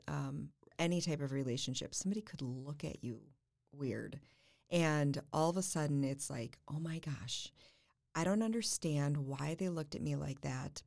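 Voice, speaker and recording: A middle-aged woman, a family and marriage therapist, giving thoughtful, measured answers in an interview. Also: low-pitched, gravelly, darkish tone. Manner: thoughtful, measured, builds points through repetition.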